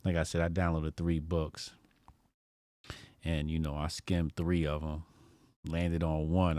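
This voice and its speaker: A man's voice: very deep voice, flat delivery, slow, pauses often, darkish tone, no echo, studio quality. A man from New Jersey hosting his own show, talking loosely with slang and laughing often. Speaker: host. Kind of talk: casual live-stream talk.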